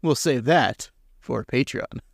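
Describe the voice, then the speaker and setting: A podcast co-host rambles and jokes through a casual episode, laughing often. He speaks slowly in a mid-range voice with vocal fry, and the clean studio sound carries no room sound.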